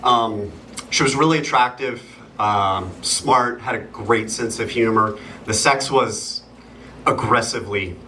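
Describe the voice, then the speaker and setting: A man doing a stand-up set on a theatre stage, delivering dry, deadpan punchlines. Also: lowish voice, measured pace. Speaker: stand-up comedian. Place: theatre stage before a live audience. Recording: distant mic, loud room noise.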